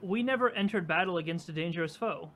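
High-voiced guy rambling about his character in a tabletop game, bit of hiss. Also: quick pace. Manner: rambling and animated, lots of fillers. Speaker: player.

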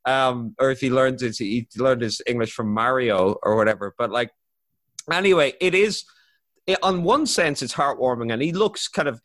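A man's voice: medium pitch, moderate pace. A man hosting a casual podcast, ranting with swearing and laughter. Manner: swearing, laughing, animated rants. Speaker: podcast host. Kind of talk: casual chat.

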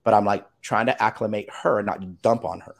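A middle-aged man telling a personal story as a podcast guest, animated, acting out other people's lines and swearing casually. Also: fairly low pitch, fairly quick, gravelly. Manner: animated, acts out quoted voices, swears casually.

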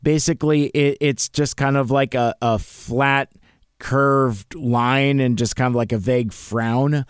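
A man's voice: mid-range voice, steady tone, a little slow, clear, resonant tone, dry recording, studio quality. A middle-aged man hosting a podcast, chatting casually and rambling with lots of fillers and restarts. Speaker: podcast host. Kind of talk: casual chat.

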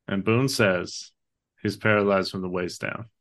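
Low-voiced man, earnest film chat. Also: fairly even intonation, measured pace, fairly bright tone. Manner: earnest and emotional, swears casually. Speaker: podcast co-host. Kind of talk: casual film discussion.

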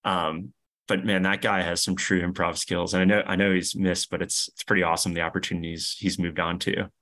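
A young man with a New York accent and a very low voice talks easily as a podcast guest. He rambles a little, backs up, and leans on fillers as he tells his stories. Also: little pitch movement, fairly quick, a bit bright. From New York, USA. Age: young adult. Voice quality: deep. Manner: chatty, frequent restarts and fillers. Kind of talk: casual interview chat.

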